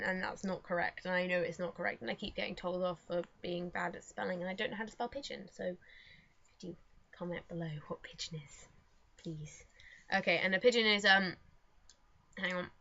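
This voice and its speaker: A woman's voice: mid-range voice, sharp tone. A young woman vlogging in casual chat at home, rambling and self-mocking with lots of fillers. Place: home room. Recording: dull lo-fi home recording.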